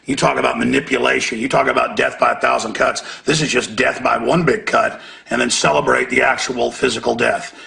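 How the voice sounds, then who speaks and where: A man's voice: mid-range voice, steady tone, a little fast, creaky, hardly any pauses, pushed and bright. A man hosting a talk radio show, speaking with indignant, emphatic commentary. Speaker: radio host.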